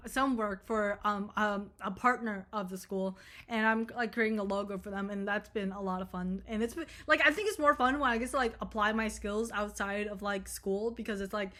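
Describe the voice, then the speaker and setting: A young woman vlogging casually, telling a rambling story full of swearing and animated retellings. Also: a little high. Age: young adult.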